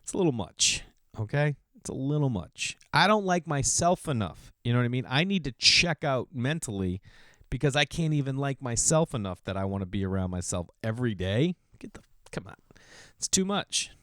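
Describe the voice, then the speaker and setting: A man in his thirties hosting a podcast, rambling through casual opinions with sudden jumps in pitch. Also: very animated, fairly quick, a bit bright, no room sound, studio quality. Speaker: podcast host. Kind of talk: casual monologue.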